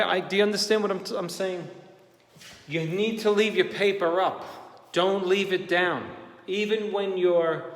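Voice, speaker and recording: A man who hangs wallpaper for a living, giving an emphatic, repetitive on-the-job tutorial in a room of a house. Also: fairly high pitch. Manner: emphatic, direct, repeats himself for emphasis. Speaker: wallpaper installer and painter. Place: room in a house being papered. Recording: echoey empty room with long reverb.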